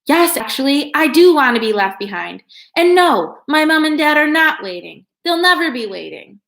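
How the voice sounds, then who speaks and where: A woman's voice: mid-range voice, slow, vocal fry, sharp tone, full character voice. A woman voicing a frightened eleven-year-old orphan girl who speaks hesitantly, in a storybook reading. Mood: bitter. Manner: hesitant, faltering. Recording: echoey room.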